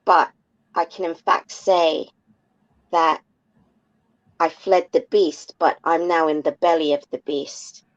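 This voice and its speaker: A woman from the UK calls in to a livestream talk show. She speaks very slowly and reflectively in a lowish voice. Her call audio comes through dull and lo-fi. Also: fairly even intonation. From United Kingdom. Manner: slow, measured and reflective. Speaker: caller.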